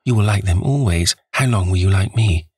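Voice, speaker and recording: A man reading a novel aloud, voicing a vain young man who despairs over losing his youth, in a pleading, husky voice. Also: deep voice, brisk, darkish tone, no room sound, clean studio sound. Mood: anguished.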